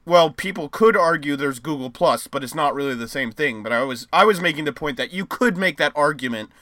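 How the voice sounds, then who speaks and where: Bright-voiced man podcast co-host. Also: fairly high pitch, animated, brisk, no echo. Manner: rambling, filler-heavy, jokey. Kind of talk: casual chat and reading news aloud.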